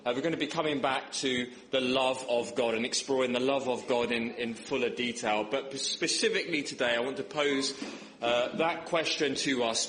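A man's voice: steady tone, normal speed, a bit bright. A young man preaching a sermon in church, joking and telling stories, his voice rising for emphasis. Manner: humorous, storytelling, rises in pitch for emphasis. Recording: echoey church hall with faint background noise.

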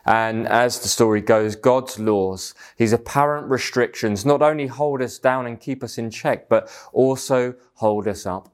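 A man's voice: medium pitch, measured pace, hardly any pauses, clean tone. A man preaching a sermon in an earnest, emphatic manner. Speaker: pastor.

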